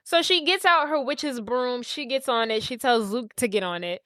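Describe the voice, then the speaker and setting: A woman's voice: fairly high pitch, moderate pace, bright, forceful tone, dry recording, clean studio sound. A woman co-hosting a podcast, animatedly recapping a movie in slangy, profane casual chat and acting out the characters' lines. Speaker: podcast co-host.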